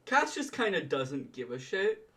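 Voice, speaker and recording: A woman's voice: lowish voice, very animated, measured pace, fairly bright tone. A woman playing a tabletop game, talking casually. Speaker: player. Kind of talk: tabletop role-play.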